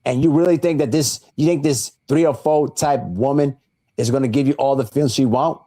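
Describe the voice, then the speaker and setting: A man's voice: mid-range voice, steady tone, brisk, mellow. A man co-hosting a podcast, blunt and dismissive in his commentary, constantly calling people "bro". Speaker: podcast co-host.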